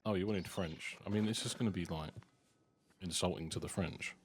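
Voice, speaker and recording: A man's voice: low voice, moderate pace, breathy edge. A man in in-character roleplay chat, dry and understated. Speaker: roleplay player.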